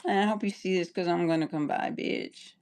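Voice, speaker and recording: A woman's voice: lowish voice, fast talker, a little mellow. A woman livestreaming an angry, rambling rant, full of profanity.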